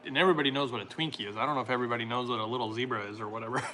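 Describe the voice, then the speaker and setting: A man's voice: mid-range voice, steady tone, very fast, pushed and bright, a little hiss or hum. A man hosting a casual livestream, reading viewer comments aloud and riffing with jokes and frequent laughter. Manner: laughs often, jokey riffs, trailing off. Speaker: livestream host reading chat.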